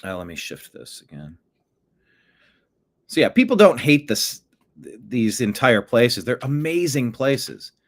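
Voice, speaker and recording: A man of middle pitch hosts a casual commentary show from a home desk. He speaks slowly with a lively, rising and falling voice. He breaks off often to chat with his cat. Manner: chatty, talks to his cat between stories. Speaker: host.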